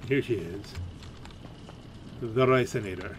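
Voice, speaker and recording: A man's voice: medium pitch, animated, moderate pace, a little hiss or hum. A man giving casual, playful let's-play commentary, goofing around with silly sound effects. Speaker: gaming channel host.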